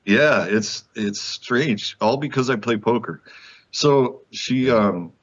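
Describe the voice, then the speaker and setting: A man's voice: medium pitch, takes it slowly. A man, a guest author, telling a personal story in an interview, acting out the quotes and laughing often. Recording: muffled lo-fi sound.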